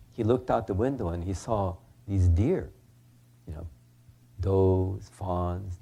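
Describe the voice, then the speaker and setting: A man's voice: sits low, creaky, mellow, slightly rough. An older man from California, a Buddhist minister giving a folksy storytelling talk, acting out the characters and often asking "huh?".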